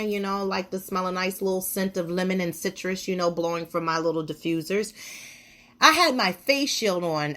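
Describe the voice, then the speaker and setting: A woman's voice: mid-range voice, fairly bright tone. Profane, ranting woman podcast host. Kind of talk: casual podcast monologue.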